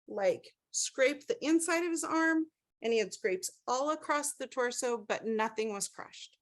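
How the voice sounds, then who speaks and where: A woman's voice: a little high, fairly bright tone. A woman teaching a class over a video call, telling a story with animation and checking in with the group. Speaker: class instructor.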